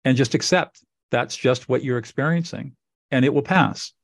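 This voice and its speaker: A man's voice: mid-range voice, moderate pace, vocal fry, no echo. A middle-aged man hosting a podcast interview, explaining in an earnest, instructive way and repeating phrases for emphasis. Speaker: podcast host. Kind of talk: conversational interview.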